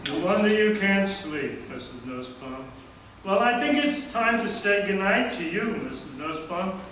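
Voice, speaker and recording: Stage sketch: actor as a patient interviewer, fairly high voice, recorded far off with hiss behind. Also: male voice, lively intonation, unhurried, fairly bright tone, very echoey. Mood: amused. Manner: short prompting questions, plays straight man. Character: adult male interviewer, patient and amused.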